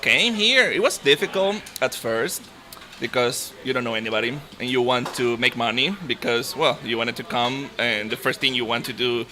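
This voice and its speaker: A man's voice: mid-range voice, moderate pace, pushed and bright. A man in his thirties from Nicaragua with a Nicaraguan Spanish accent, a native Spanish speaker chatting easily as an interview guest. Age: 30s. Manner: easygoing, laughs often. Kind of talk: casual interview chat.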